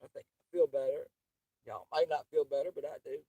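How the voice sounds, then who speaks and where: A woman's voice: deep voice, steady tone, brisk, dark tone, breathy edge, no echo, lo-fi sound. A woman, hosting her channel with an angry, profane, rambling livestream rant. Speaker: channel host.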